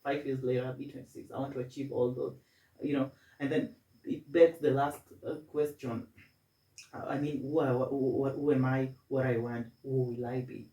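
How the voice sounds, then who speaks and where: A man's voice: mid-range voice, flat delivery, moderate pace, warm tone, far from the mic. A man in his twenties, a student guest, speaking in a self-assured way with repeated stammering restarts. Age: 20s. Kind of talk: casual interview. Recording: echoey room, voice from off-mic.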